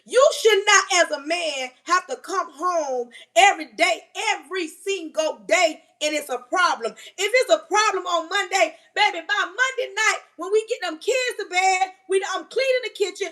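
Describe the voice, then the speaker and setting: A livestream host in her forties speaks directly to her viewers in a high, bright voice while doing kitchen chores. Casual and heartfelt, she preaches her advice emphatically like a sermon, repeatedly calling listeners "baby."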